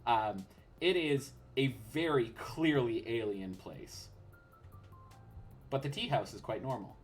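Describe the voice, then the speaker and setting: A man narrating a tabletop role-playing game as game master, relaxed and full of fillers. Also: medium pitch, takes it slowly, faint music behind.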